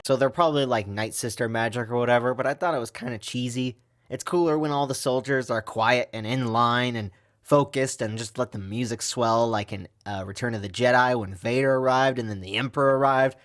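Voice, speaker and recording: A man's voice: mid-range voice, a little fast, fairly bright tone. A man giving a casual video review of a TV episode, in a sarcastic and complaining way. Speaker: TV show reviewer.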